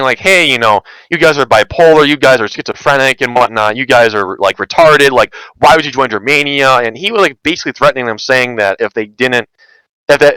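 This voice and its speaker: A man recounts a long story in a loose, rambling way, leaning on "like" and "um" as he goes. He sounds exasperated. His voice is smooth and clear, recorded close and dry with no room sound. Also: medium pitch, fairly bright tone, no room sound, poor audio. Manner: rambling, heavy use of "like" and "um" fillers, exasperated. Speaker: vlogger recounting online community drama.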